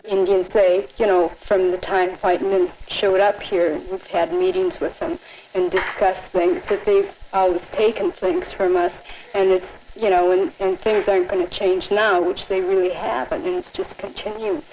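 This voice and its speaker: A woman speaking in a measured, reflective way in an interview. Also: mid-range voice, noisy background. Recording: dull lo-fi film audio.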